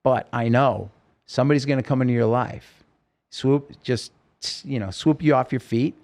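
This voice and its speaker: Gravelly-voiced man telling an earnest story. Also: mid-range voice, steady tone, moderate pace, darkish tone. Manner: earnest, rambling, with many restarts and fillers. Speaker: singer-songwriter telling his survival story as a guest. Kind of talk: emotional personal storytelling in a podcast interview.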